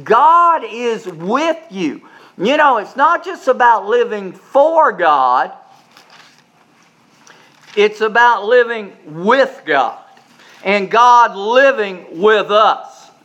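A man with a notably high voice delivers a sermon as pastor. He hammers his points home through repetition and rising emphasis, and now and then drops to a soft, quick aside. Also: expressive.

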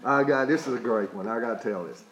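A man's voice: medium pitch, fast talker, a bit bright, reverberant, soft background music, poor audio. A man from East Tennessee, preaching a sermon in a folksy way and often checking in with the listeners. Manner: folksy, often asks "okay?". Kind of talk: sermon with a personal story.

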